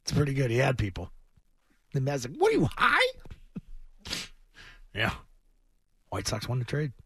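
A man's voice: medium pitch, moderate pace, husky, no echo. A man co-hosting sports talk radio, joking playfully and laughing between stories.

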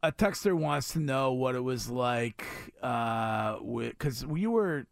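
A man hosting a radio talk show, asking questions and backing up his guest with quick agreement. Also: mid-range voice, animated, creaky, dry recording, clean studio sound. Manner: laughs often, short agreeing replies. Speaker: radio host. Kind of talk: casual radio chat.

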